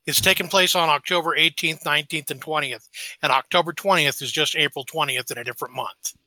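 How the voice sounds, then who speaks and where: A man's voice: a little high, a little fast, sharp tone, no echo. A man co-hosting a casual podcast, joking around and telling rambling stories. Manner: jokey, tells rambling anecdotes. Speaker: podcast co-host. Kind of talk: casual chat.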